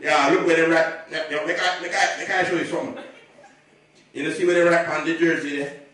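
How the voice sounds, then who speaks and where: A man voicing a gruff, stubborn older Jamaican father in a put-on patois accent, loud and indignant, on a comedy club stage. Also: on the high side, flat delivery, a little fast, voice pushed down, natural voice. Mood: blustering. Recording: echoey room from far off with crowd. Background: audience laughter.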